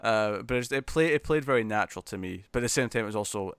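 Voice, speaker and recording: A man's voice: on the low side, lively intonation, fast, a bit bright, smooth, no echo. A man chatting casually as a podcast co-host, laughing and acting out characters' lines as he recaps an episode.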